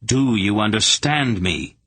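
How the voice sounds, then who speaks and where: A man voicing a young sorcerer who speaks slowly, coldly and menacingly. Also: sits low, steady tone, creaky, husky, no echo, full character voice. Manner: menacing, quietly commanding.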